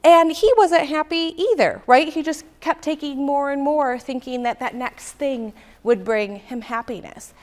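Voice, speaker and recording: High-voiced woman giving a talk. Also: a little slow, few pauses. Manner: conversational, keeps asking "right?". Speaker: workshop speaker. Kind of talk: leadership talk.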